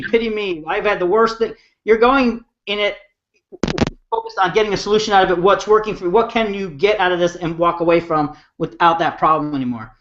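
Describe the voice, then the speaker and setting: A man's voice: high voice, a bit bright, highs cut off. A man co-hosting a casual online chat, earnest, restarting sentences as he searches for words. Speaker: co-host.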